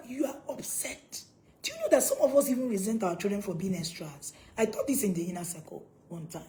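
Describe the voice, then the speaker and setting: Woman, parenting coach, mellow, animated pitch, emphatic. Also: a little fast, poor audio. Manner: emphatic, repeats questions, acts out shouting parents. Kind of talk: live-stream parenting talk to viewers.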